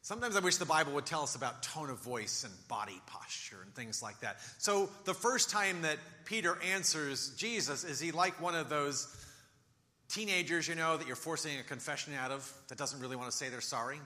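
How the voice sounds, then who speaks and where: A man preaching a sermon, telling the story with animation and acting out quoted lines in a soft, low voice. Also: expressive, fairly quick, in a large hall. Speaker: pastor.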